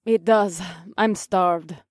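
A woman's voice: mid-range voice, takes it slowly, dry recording, studio quality, natural voice. A woman voicing the young female companions in a fantasy audiobook, in a conversational, curious manner. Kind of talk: audiobook character dialogue.

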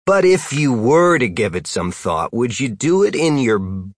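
A teasing male wizard sidekick talks in a dry, needling way with a lively rise and fall. A man voices him in a storybook reading. The sound is close and dry. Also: medium pitch, a little slow, dry recording, pitched above the performer's own voice. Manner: dry, needling, matter-of-fact.

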